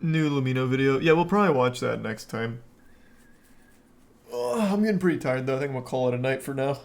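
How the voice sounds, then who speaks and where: A man's voice: mid-range voice, lively intonation, brisk, creaky. A male streamer chatting casually, reacting to clips with wry remarks and thanking viewers. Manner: laid-back, wry commentary, thanking viewers.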